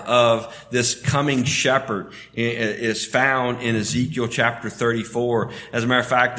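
A man from the Southern US with a Southern American accent, preaching a sermon in a conversational way, often restarting phrases and suddenly rising in pitch and volume. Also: a bit bright.

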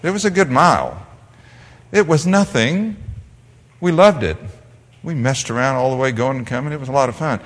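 A man from the Netherlands delivers a sermon with a lively, swinging delivery, leaning hard on key words and then softening into gentle storytelling. His voice carries a long reverberant tail, as if filling a big sanctuary. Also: mid-range voice, normal speed, pauses often. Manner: animated preaching, drops to a soft storytelling voice. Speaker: pastor.

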